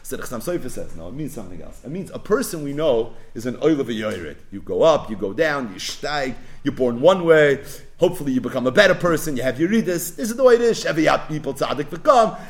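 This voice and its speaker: Lively man teaching a Torah class. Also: medium pitch, fairly quick. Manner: animated, mixing English with Yiddish and Hebrew terms.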